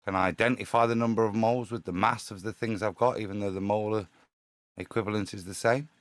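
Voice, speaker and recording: A man's voice: fairly low pitch, steady tone, fast, no room sound. A man in a live stream discussion, reasoning aloud through questions and stumbling restarts.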